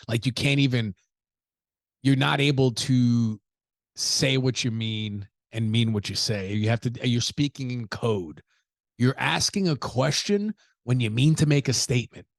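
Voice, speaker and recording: A man talks through a solo podcast in a loose, blunt, profane way, often slipping into acted-out quotes of other people. His voice has a gravelly edge. The sound is close and dry, with no room around it. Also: mid-range voice, dry recording. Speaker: podcast host. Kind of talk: casual solo podcast commentary.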